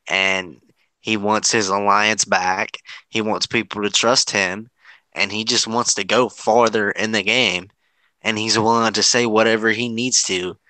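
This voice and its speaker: Man, podcast co-host, measured commentary, very bright, smooth voice. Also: lowish voice, no room sound, rough recording. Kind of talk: casual commentary.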